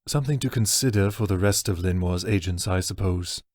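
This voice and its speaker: A man voicing a weary male orc host who talks slowly and sighs, with a low voice. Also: a little mellow, no room sound, studio quality. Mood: weary, regretful.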